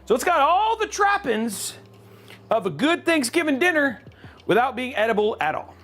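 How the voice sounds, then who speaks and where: Animated man hosting a live build stream. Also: very high voice, normal speed. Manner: animated, jokey, chatting with viewers. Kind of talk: casual live-stream chat while building.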